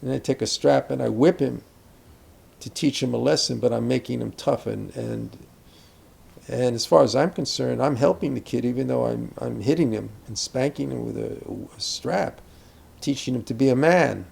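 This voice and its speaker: A man's voice: mid-range voice, moderate pace, creaky, a little mellow, breathy edge. An older man, an acting teacher, speaking reflectively about character in a conversational interview, rambling with asides and restarts.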